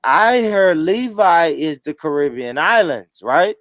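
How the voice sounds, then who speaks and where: This podcast host has a fairly high, slightly bright voice and speaks slowly but animatedly, with no room sound. Hosting a heated casual debate, he keeps interrupting, repeating points, and cursing emphatically.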